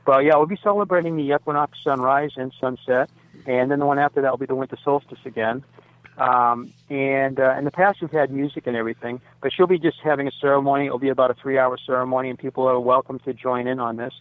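A man's voice: medium pitch, steady tone, quick pace, no echo. A man in his sixties, a radio interview guest, talking in a rambling way with lots of fillers and self-corrections. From United States. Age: 60s. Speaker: site owner, interview guest. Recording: dry phone-line sound.

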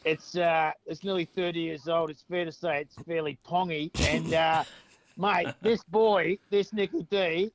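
A man's voice: a little high, steady tone, unhurried, no room sound, close to an everyday voice. A man putting on a crude, blokey middle-aged Australian dad who rambles, stammers and swears, with an Australian accent. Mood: rowdy.

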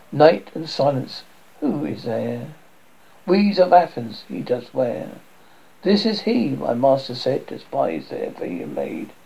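A man reading the lines of a mischievous male fairy servant in a halting way, on a dull lo-fi recording. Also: mid-range voice, gravelly, warm tone, breathy edge, exaggerated voice.

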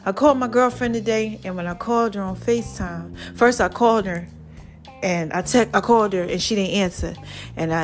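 A woman hosting her own podcast, telling a personal story in a chatty, testifying way and acting out her friends' lines. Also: fairly high pitch. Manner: chatty, testifying, quotes friends in lively voices. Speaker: podcast host.

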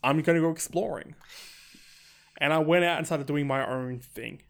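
A man chatting as a guest on a casual podcast, animated and full of restarts. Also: a little high, normal speed, creaky.

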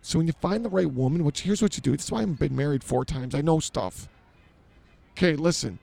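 A man's voice: fairly high pitch, animated, brisk, creaky, warm tone. A man hosting an improvised comedy podcast, blustering and ranting in a mock-authoritative way. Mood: lecturing. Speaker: podcast host.

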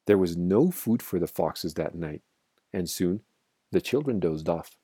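A man reading a children's story aloud with expressive, dramatic storytelling. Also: low voice, measured pace, slightly rough, no room sound, studio quality. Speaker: narrator.

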